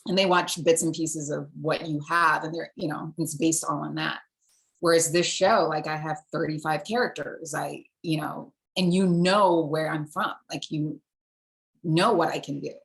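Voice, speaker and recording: A woman from Singapore, an actor, telling stories in a lively, casual interview. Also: deep voice, normal speed, vocal fry. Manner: animated storyteller, switches accents.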